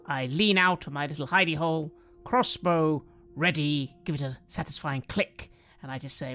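A woman's voice: low voice, normal speed, fairly bright tone. A woman playing a tabletop game who speaks in a playful, confident way as her character. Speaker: player. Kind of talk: in-character role-play.

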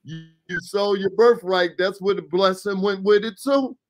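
A man's voice: high voice, moderate pace. A man hosting a radio Bible study, commenting casually and prompting the reader to go on. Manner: folksy, chiming in to prompt the reader. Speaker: radio show host leading Bible reading. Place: radio studio.

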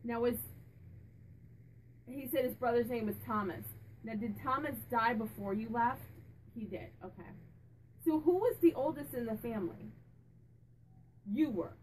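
A woman with a slightly high voice talks casually on her own channel. She meanders through her thoughts, asking questions aloud and then echoing the answers she says she hears. A faint hiss sits under her voice. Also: measured pace, long pauses, darkish tone. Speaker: psychic medium and channel host. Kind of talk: casual chat relaying a spirit's answers.

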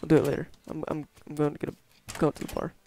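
A man's voice: on the high side, flat delivery, fast, dark tone, slight background noise. A young man playing a game at home, casually reading its text aloud and swearing now and then. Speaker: gamer. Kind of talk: casual let's play commentary.

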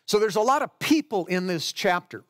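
A middle-aged pastor with a fairly high voice preaches to his church. He talks through the passage verse by verse in an easy, conversational way and stops to explain each line. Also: expressive, normal speed. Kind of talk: sermon.

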